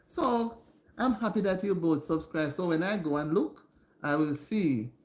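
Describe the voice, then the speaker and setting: A woman hosting a casual home livestream, chatting warmly and greeting her viewers by name. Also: fairly low pitch, expressive, a little slow, echoey room. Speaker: livestream host. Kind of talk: casual live-stream chat with viewers. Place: indoors at home.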